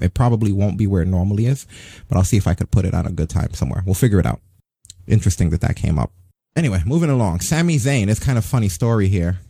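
A man co-hosting a casual wrestling news stream, chatty and relaxed, laughing often. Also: sits low, husky, no room sound, clean studio sound. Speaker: stream co-host.

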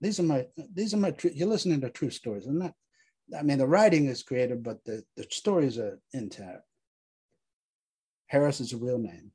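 A man, a writer, talking animatedly about his stage work in an interview, with halting restarts. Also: mid-range voice, lively intonation, warm tone, husky. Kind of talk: casual interview talk.

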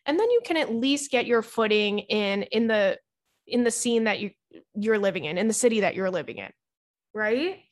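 A woman's voice: mid-range voice, expressive, moderate pace. A woman comedian hosts a casual chat show, rambling along in a loose, chatty way. She fills her talk with "like" and swears casually as she goes. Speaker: podcast host and comedian. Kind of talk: casual chat and reading listener letters.

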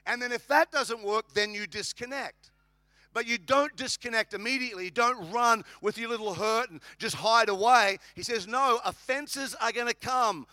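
Aussie pastor guy preaching, high bright voice, dry close sound, jokey and punchy. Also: normal speed, no room sound. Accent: Australian. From Australia. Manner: humorous, emphatic preaching with repetition. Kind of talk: sermon.

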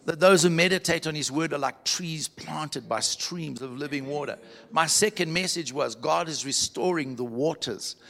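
A man preaching to a church, telling a story with animated quoted voices. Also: on the high side. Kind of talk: sermon storytelling.

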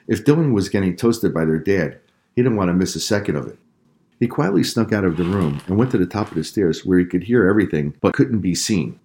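A man narrating a children's story in a calm, measured way. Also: low-pitched.

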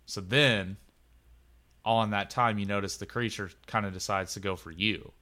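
A man's voice: on the low side, fairly even intonation, normal speed, bright, forceful tone. A man narrating a tabletop game as game master, talking casually and rambling with lots of filler words.

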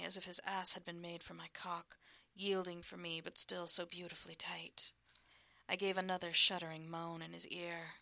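A woman reading an erotic story aloud in a hushed, slow, intimate whisper, as whispered role-play. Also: fairly low pitch, creaky, dry recording.

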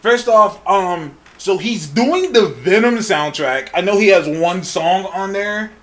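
A man co-hosting a casual podcast, joking and laughing through quick banter. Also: sits high, lively intonation. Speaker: co-host.

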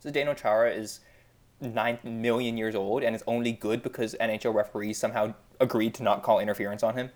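A man's voice: lowish voice, fairly even intonation, fast talker, darkish tone. A man in casual podcast chat, ranting sarcastically as a fan with lots of filler words.

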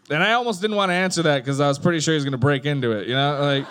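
A man in his thirties doing stand-up, telling a family story deadpan and putting on voices for the punchlines. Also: a little high, rapid-fire, hardly any pauses, clean tone. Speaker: stand-up comedian.

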